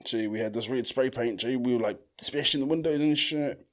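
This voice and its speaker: A podcast host with a New Zealand accent tells a story casually, packing it with slang and swearing and loudly acting out the quoted lines. His voice is mid-range and a little fast.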